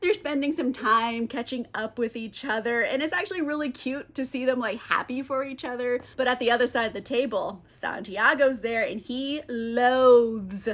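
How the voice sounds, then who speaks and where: A woman's voice: on the high side, a little fast, hardly any pauses, a bit bright. A young woman recapping a TV episode in casual vlog style, chatty with frequent fillers and casual swearing. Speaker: TV recap vlogger.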